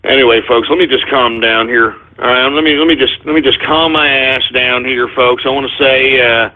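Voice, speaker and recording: A man's voice: medium pitch, steady tone, normal speed. A man hosting a call-in radio show, ranting angrily with curses, sighs and stumbling restarts. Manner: angry, cursing, frequent sighs and restarts. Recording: tinny phone-like lo-fi audio.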